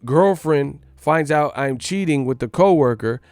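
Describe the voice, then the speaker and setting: A man's voice: a little high, unhurried, darkish tone, no echo, clean studio sound, soft background music. A cocky man ranting about boxing, talking brashly and swearing a lot. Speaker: boxing commentator. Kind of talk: profane ranting monologue.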